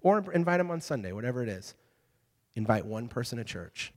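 A young adult man preaching a casual youth sermon, telling stories with lively, conversational check-ins to his listeners. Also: medium pitch, a little fast, soft background music. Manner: conversational, animated storytelling with frequent "okay?" check-ins. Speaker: youth pastor. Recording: hall reverb.

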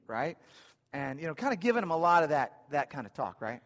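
Male pastor, slightly higher voice, chatty storytelling sermon with dry wit. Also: very animated, fairly quick, fairly bright tone. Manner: conversational storytelling, dry humor. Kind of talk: sermon with personal stories. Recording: long hall reverb.

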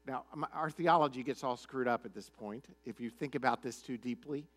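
A man preaching a sermon, retelling a story in an animated, chatty, conversational way. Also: mid-range voice, brisk. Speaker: pastor.

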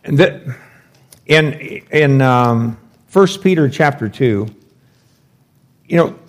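A man giving a verse-by-verse Bible teaching at an unhurried, deliberate pace. His pitch sits in an ordinary middle range, and he talks it through conversationally, posing questions to his listeners. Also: expressive. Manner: slow, conversational, thinks aloud with rhetorical questions. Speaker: pastor teaching scripture.

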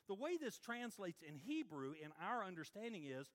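A male pastor delivers a sermon in a high, bright voice. He is animated and playful and swings quickly between loud emphasis and hushed asides. His delivery is lively and conversational.

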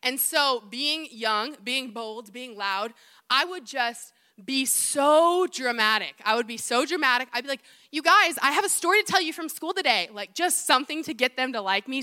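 A young woman gives a sermon as a youth pastor, with a fairly high, bright and forceful voice. She tells stories in a lively, chatty way and pokes fun at herself along the way. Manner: animated, chatty, with playful self-mocking asides. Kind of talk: sermon with personal storytelling.

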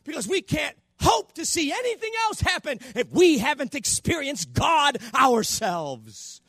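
Male pastor, high lively voice, dry close sound, impassioned sermon delivery. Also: measured pace, no room sound. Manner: impassioned preaching, shouting at peaks. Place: church.

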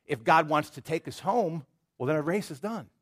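A middle-aged man preaching a sermon as pastor, telling stories in an animated way and repeating words as he builds his point. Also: on the high side, moderate pace.

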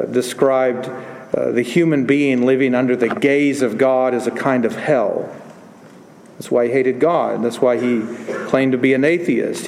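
A man's voice: mid-range voice, a little mellow, a little hiss or hum. A man preaching in a reverberant hall. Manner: earnest preaching with rising emphasis. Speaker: pastor. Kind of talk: sermon.

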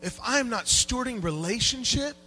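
Animated preacher with a bright voice. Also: male voice, very high-pitched, normal speed, a little hiss or hum, rough recording. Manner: animated, swings from quiet asides to loud shouted peaks; conversational and joking with the congregation. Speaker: pastor. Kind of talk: sermon. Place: church sanctuary.

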